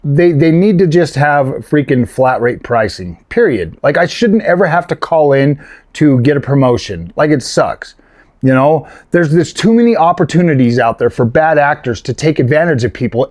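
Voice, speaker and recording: A slightly high-voiced man tells a long personal story straight to camera, full of "like" and restarts. He sounds irritated and keeps circling back as he talks. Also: darkish tone. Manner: rambling, frustrated, lots of fillers and restarts. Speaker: gaming and tech YouTuber. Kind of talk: casual storytelling vlog.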